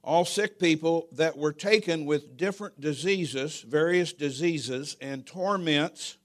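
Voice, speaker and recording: High-voiced folksy pastor preaching. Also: male voice, slow pace. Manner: folksy, humorous, animated storytelling. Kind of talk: sermon with storytelling.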